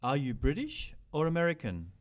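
A man voicing friendly boys from France, Japan and Germany, speaking clearly in a scripted language-lesson dialogue. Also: fairly high pitch, wildly swooping pitch, moderate pace.

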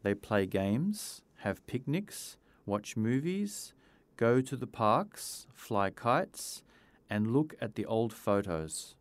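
A man reading a simple story aloud in a clear storytelling manner. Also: medium pitch, sing-song, slow pace, no echo. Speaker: narrator. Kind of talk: scripted storybook narration.

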